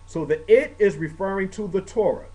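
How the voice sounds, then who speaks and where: A man with a high-pitched, dark-toned voice preaches a conversational sermon at a moderate pace, frequently checking in with his congregation by saying "okay." His voice rises whenever he stresses a key point, and the audio quality is poor.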